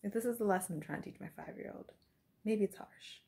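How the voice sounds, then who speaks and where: A woman's voice: mid-range voice, quick pace, gravelly, a little mellow. A young adult woman talking candidly in a confessional diary vlog, reflective and often dropping to a whisper. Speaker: vlogger.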